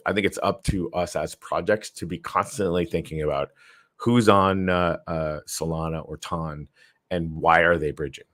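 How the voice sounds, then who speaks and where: Tired and deep-voiced, this show host runs a casual livestream. He rambles, restarts often, leans on fillers, and reads out viewer comments before replying.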